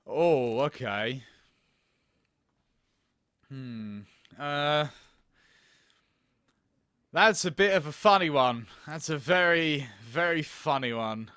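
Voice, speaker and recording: A man's voice: on the high side, expressive, takes it slowly, long pauses, pushed and bright, clear, resonant tone, no room sound, clean studio sound. A man playing a video game on camera, swearing, laughing and thinking aloud as he plays. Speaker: gaming video host. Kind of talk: let's play commentary.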